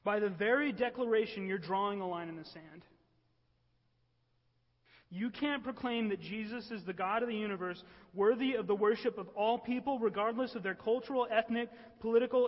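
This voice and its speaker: A man's voice: sits high, normal speed. A man preaching a sermon in an earnest way, often checking with the room by asking "right?". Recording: echoey hall, dull lo-fi sound.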